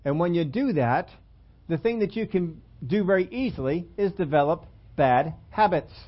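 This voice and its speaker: On dull, lo-fi sermon audio, a man's voice sits on the high side with lively intonation at a normal speed. He preaches conversationally as a pastor, poking fun at himself and putting questions to his listeners.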